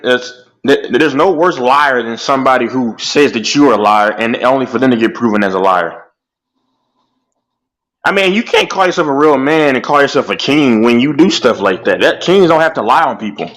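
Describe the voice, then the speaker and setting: An animated young man talks sports in a loose, heated chat, constantly dropping "bro". His voice sits at an ordinary pitch and he sounds naturally loud. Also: moderate pace, rough recording. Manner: animated, repeats "bro" often.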